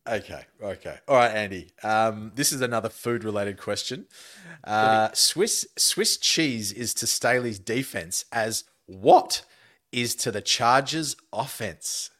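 A man's voice: on the low side, lively intonation, slow pace, a bit bright. An Australian man co-hosting a casual sports podcast, reading out quiz questions to his friends with a teasing edge. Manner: quizmaster, reads questions out teasingly. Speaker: podcast co-host.

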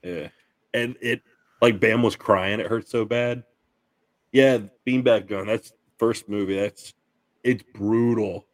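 A man co-hosting a podcast in casual chat, jumping in with quick jokes and references. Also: lowish voice, steady tone, no echo. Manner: quick, joking. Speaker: podcast co-host.

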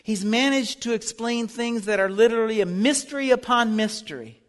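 A man's voice: high-pitched, animated, moderate pace. A man teaching a Bible lesson in sermon style, earnest and building to fervent appeals. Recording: long reverb of a hall.

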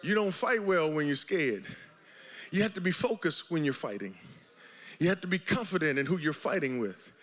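A male pastor preaching a sermon with passion, swinging between shouted lines and hushed low tones, and repeating phrases in rhythm. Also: expressive, normal speed.

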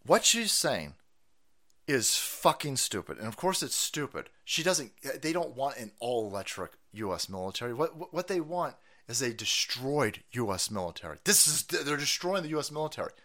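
A man hosting a livestream, ranting angrily and profanely with sarcasm and bursts of shouting. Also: mid-range voice, big pitch swings, moderate pace. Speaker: streamer host. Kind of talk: angry political rant on a livestream.

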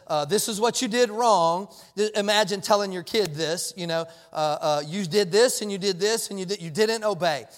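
A male pastor in his thirties delivers a sermon in a casual, conversational way, with a fairly high voice. He often restarts and doubles his words and slips into quoted voices. The sound carries the long reverb of a large church auditorium. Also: fairly bright tone.

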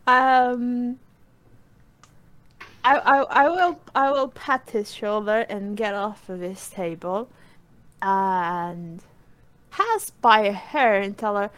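A woman playing a tabletop game, playful and halting as she describes her moves. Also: medium pitch, fairly bright tone, dry recording. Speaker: player. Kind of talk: tabletop role-play.

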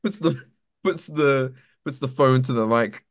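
A man's voice: medium pitch, a little slow, smooth. Teasing man in casual banter. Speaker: podcast co-host. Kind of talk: casual chat.

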